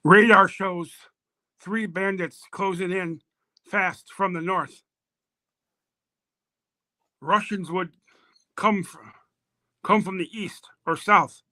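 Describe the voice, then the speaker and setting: A man's voice: high-pitched, steady tone, pushed and bright, full character voice. A man reading as a soldier calling radar contacts. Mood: tense. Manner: slow, halting read-aloud.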